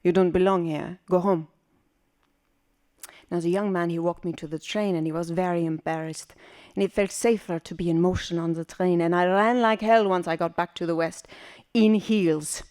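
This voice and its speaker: A woman from West Berlin performing a personal story live, in an animated, vivid and playful way. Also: fairly low pitch, brisk. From West Berlin, Germany.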